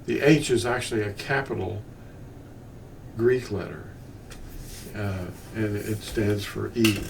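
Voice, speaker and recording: Here an older man teaches the Bible in a slow, creaky, lowish voice with fairly even intonation. His talk is unplanned and meandering, peppered with asides and frequent restarts. Recording comes from a distant microphone over faint ambient sound.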